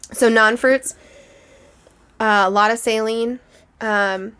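A woman co-hosting, walking through a wine tasting in a measured, descriptive way. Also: on the high side, fairly bright tone. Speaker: co-host leading a wine tasting. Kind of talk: casual tasting commentary.

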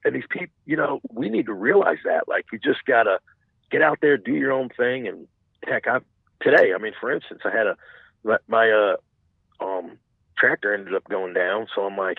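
A man's voice: fairly low pitch, animated, normal speed, creaky, husky, no echo. Rambling man on a tinny line. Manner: rambling, many restarts and "you know what I'm saying". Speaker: podcast guest, hunter. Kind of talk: casual chat.

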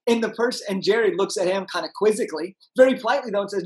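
A young man, a podcast guest, telling an energetic story and acting out the people in it. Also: high-pitched, rapid-fire, hardly any pauses, low-quality recording. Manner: animated, acts out voices in his anecdotes.

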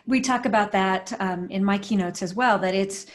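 A woman's voice: mid-range voice, normal speed. A woman hosting a talk show, asking her guest questions in an upbeat way. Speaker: show host. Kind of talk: interview conversation.

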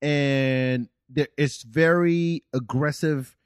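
A man's voice: mid-range voice, steady tone, slow pace, clean tone, dry recording, clean studio sound. A man from France hosting a podcast, chatting casually with laid-back, teasing banter. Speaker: podcast host.

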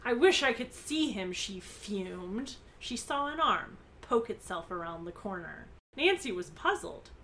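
A woman co-hosting a casual podcast, retelling a book's story and acting out its quoted lines with lively emphasis. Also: medium pitch, unhurried, hardly any pauses, a little hiss or hum. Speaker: podcast co-host. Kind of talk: casual book recap with commentary.

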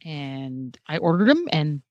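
A woman's voice: low-pitched, big pitch swings, unhurried, no echo, dull audio. A woman reviewing a product on a radio talk show, chatty and detailed, with self-deprecating humor.

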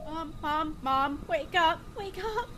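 Woman voicing a grieving young adventurer, pleading, desperate, high voice, noisy recording. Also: slow pace.

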